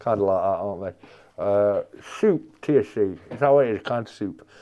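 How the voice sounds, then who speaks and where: A man's voice: on the low side, lively intonation, moderate pace, warm tone, highs cut off. A man hosting a casual live chat, answering viewers and repeating his phrases with plenty of "mate.". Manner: chatty, repeats phrases, calls everyone mate. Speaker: livestream host.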